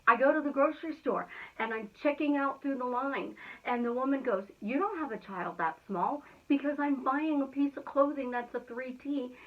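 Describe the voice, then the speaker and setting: A woman giving an energetic, emphatic motivational talk in a chatty way. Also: high voice, moderate pace. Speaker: motivational speaker. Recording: tinny phone-like sound.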